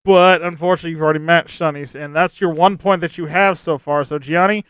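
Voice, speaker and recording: High-voiced upbeat game show host man. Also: steady tone, fast talker, fairly bright tone, smooth, no echo. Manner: upbeat, laughs often, reads prompts twice. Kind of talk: hosting an online game show.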